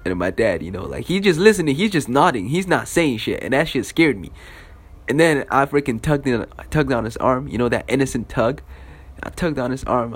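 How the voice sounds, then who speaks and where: A man's voice: mid-range voice, animated, moderate pace, breathy edge. A young man telling a casual story in a loose, profane style, with lots of fillers.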